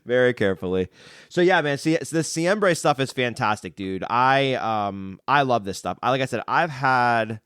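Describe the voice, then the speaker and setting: A man hosting a podcast in casual chat, enthusiastic and quick to laugh. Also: mid-range voice, expressive, fairly bright tone, clean tone, dry recording, studio quality. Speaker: podcast host.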